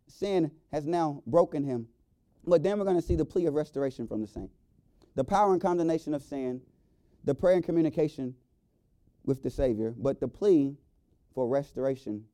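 A man with a high, dark-toned voice preaches a revival sermon. He reads scripture aloud and builds his points with emphatic rises and slow, stretched phrases. The sound is close and dry. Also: expressive, no room sound. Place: church sanctuary.

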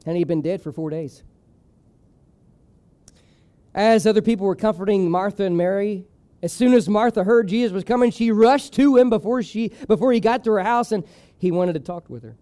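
A male preacher retelling a scripture story as a sermon, acting out its people and dropping to a hushed voice for emphasis. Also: high-pitched, brisk.

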